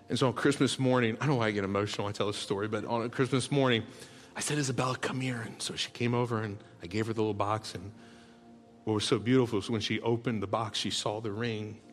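A man preaching a sermon as a pastor, telling tender stories in a soft voice and building to loud, rallying calls to the congregation. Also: on the low side, steady tone, fast talker. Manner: heartfelt storytelling that swells into loud rallying calls; drops to soft, hushed tones for tender moments. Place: large church auditorium. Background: soft background music.

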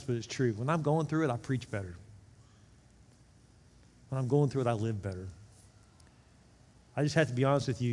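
A man preaching a sermon as pastor, animated, swinging between loud emphasis and hushed intensity. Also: medium pitch. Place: church sanctuary. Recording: reverberant hall.

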